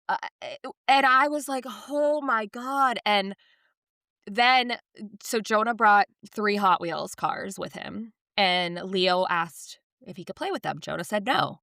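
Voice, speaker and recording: A woman in her thirties chats on a podcast with a bright, forward tone. She tells stories with lively energy and acts out what others said. The sound is close and dry. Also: mid-range voice, gravelly, no echo. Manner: animated storytelling, acts out quotes. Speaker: podcast co-host. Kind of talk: casual podcast chat.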